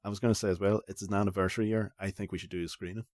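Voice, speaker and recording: A man's voice: fairly low pitch, fairly even intonation, racing, a little mellow, no echo, studio quality. A man with a Northern Irish accent, a guest on a film podcast, chatting eagerly about movies. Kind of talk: casual film review chat.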